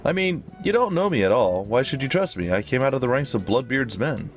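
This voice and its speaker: A man's voice: medium pitch, expressive, fairly quick, faint music behind, natural voice. Zimmer, a man doing a breezy ex-bandit. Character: easygoing male ex-bandit anarchist.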